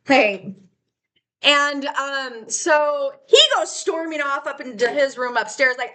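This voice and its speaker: A woman with a slightly high voice pours out her story in a raw, unedited vlog. She talks in an agitated rush, swearing freely and restarting her sentences. She breaks into wry laughter between thoughts. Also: takes it slowly, sharp tone. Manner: rambling with many restarts. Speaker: vlogger telling her life story. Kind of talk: raw unscripted personal testimony.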